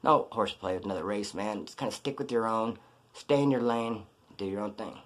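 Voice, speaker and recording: A man's voice: on the low side, fairly quick. A man casually telling a prison story in blunt, profane street slang.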